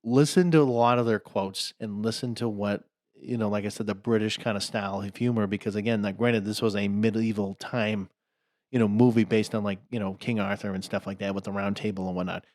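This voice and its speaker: A man's voice: lowish voice, fairly even intonation, a little fast, darkish tone, dry recording, studio quality. A man co-hosting a podcast who talks casually and rambles, with lots of "like" and "you know" fillers. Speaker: podcast co-host.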